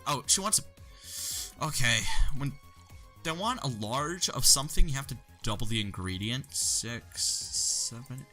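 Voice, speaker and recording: Let's player, male, bright voice that swings a lot, quips and outbursts, faint game music underneath. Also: medium pitch, animated, measured pace. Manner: jokey, exclamatory reactions. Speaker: let's play video creator. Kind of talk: gameplay commentary.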